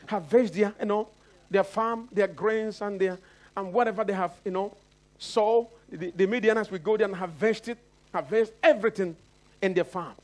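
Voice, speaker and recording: A pastor from Nigeria preaching a sermon, calling out to the congregation again and again and acting out the voices he quotes. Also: darkish tone. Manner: preaching with repeated call-outs to the congregation; acts out quoted voices with big pitch swings.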